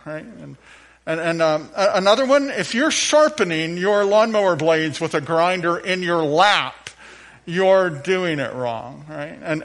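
A man preaching a sermon at church as the pastor, playful and animated, with the congregation joining in. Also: fairly high pitch. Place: church sanctuary.

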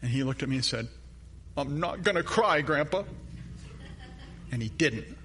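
A man's voice: on the high side, animated, normal speed, sharp tone, husky. An older man, a grandfather and pastor, preaching a sermon in an earnest, conversational way with personal stories.

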